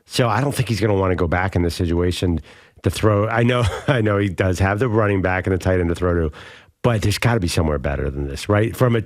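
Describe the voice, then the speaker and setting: A man's voice: low-pitched, dry recording. A man co-hosting a sports talk show, debating football in a wry, joking, conversational way from a studio.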